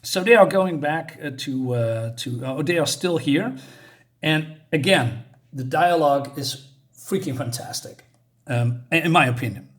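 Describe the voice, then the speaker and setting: A man's voice: fairly high pitch, lively intonation, unhurried. A man giving a casual spoken comic review, rambling and amused, with lots of fillers.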